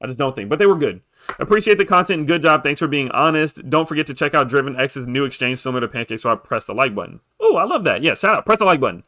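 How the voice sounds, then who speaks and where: A young man streaming live about crypto, hyped and pushy as he begs viewers for likes and gives shout-outs. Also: medium pitch, very animated, fast. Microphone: desk microphone.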